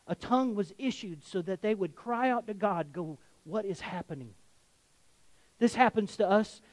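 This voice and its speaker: High-voiced Southern pastor preaching. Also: male voice, lively intonation, moderate pace, no echo, poor audio. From Southern United States. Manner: conversational, joking asides to the congregation. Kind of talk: sermon. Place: church sanctuary.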